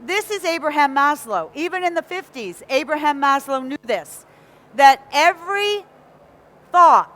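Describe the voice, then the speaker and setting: A woman from England with a North American accent, giving a lively motivational talk to a live audience and often asking them questions. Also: high-pitched. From Nottingham, England. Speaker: motivational speaker.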